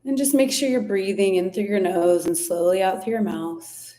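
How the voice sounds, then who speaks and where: A woman guides listeners through an ear massage and slow breathing. She talks gently and without hurry, step by step. Now and then she stops to search for a word. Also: mid-range voice. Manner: gentle and unhurried, with fillers and restarts. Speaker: somatic practice instructor. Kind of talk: guided body practice instruction.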